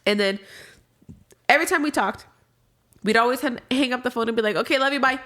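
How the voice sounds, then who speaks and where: A woman's voice: on the high side, fairly quick, sharp tone. A young adult woman as a podcast guest, talking candidly and casually about grief, swearing freely and trailing off into restarts.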